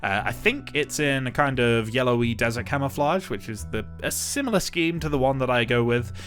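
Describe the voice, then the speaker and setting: A man's voice: medium pitch, brisk, fairly bright tone, faint music behind. A man giving casual, rambling commentary over his own game build, chuckling often and poking fun at himself. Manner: chuckling, rambling, self-deprecating.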